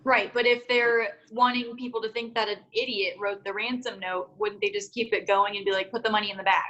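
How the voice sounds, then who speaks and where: A woman's voice: medium pitch, steady tone, a little fast, sharp tone, highs cut off. A young woman co-hosting a true-crime podcast, chatting casually, laughing often and trailing off mid-thought. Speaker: podcast co-host.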